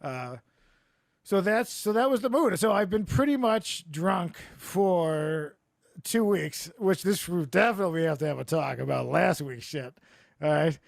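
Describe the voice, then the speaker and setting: A man hosting a comedy podcast over a video call, telling rambling stories with deadpan absurd jokes. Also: sits high, unhurried, gravelly, dry recording, studio quality. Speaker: podcast host. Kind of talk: casual comedic chat. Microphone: remote video call.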